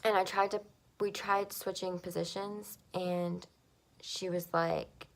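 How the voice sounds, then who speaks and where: A woman's voice: lowish voice, steady tone, slow pace, long pauses. A young woman telling a personal story to the camera, emotional, with a lot of "like" and "um". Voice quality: gravelly creak. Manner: emotional, frequent "like" and "um" fillers. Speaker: vlogger.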